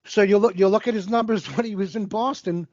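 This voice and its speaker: This man in his forties co-hosts a casual sports podcast, swearing freely and firing off statistics. His voice is high-pitched and darkish, fairly even in intonation and a little fast. The recording is dull, lo-fi and dry.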